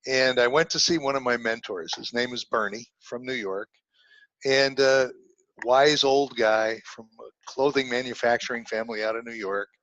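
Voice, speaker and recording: A middle-aged man, an investor and teacher, telling stories in an animated, folksy way as a guest from home. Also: mid-range voice, no echo, dull audio. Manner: animated storyteller, folksy, quick with jokes. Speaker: guest, real estate investor and instructor. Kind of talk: casual storytelling interview.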